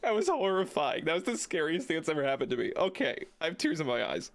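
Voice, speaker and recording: A man streaming a game live, phlegmy from being sick, excitable and swearing freely as he talks. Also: fairly high pitch, fairly quick.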